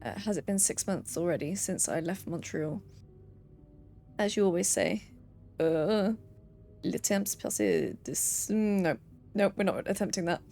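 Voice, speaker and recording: A woman's voice: on the low side, lively intonation, moderate pace, pauses often, dark tone, faint music behind. A young woman streaming a game, reading letters and notes aloud with playful asides.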